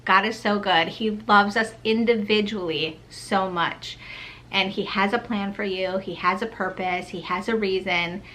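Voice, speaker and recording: A woman's voice: medium pitch, fairly even intonation, unhurried, fairly bright tone, a little hiss or hum. A woman in her thirties telling personal faith stories to her viewers in an earnest, heartfelt, chatty way, with a lot of "like"s. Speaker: faith vlogger. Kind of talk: personal storytelling to camera.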